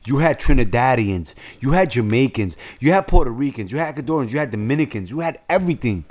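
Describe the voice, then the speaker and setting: A man's voice: medium pitch, expressive, quick pace, a little mellow. A man from the North Bronx with a Bronx accent, co-hosting a casual podcast, telling profane stories and joking around. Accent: Bronx New York. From North Bronx, New York. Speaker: podcast co-host.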